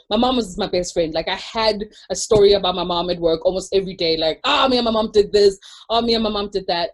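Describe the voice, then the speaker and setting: A woman's voice: fairly low pitch, rough recording. A woman in casual chat as co-host, telling a rambling story with lots of restarts.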